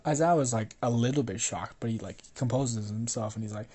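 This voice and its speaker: A man's voice: mid-range voice, a little fast, hardly any pauses, mellow, breathy edge. A man improvising a fan story aloud, rambling with restarts and swearing.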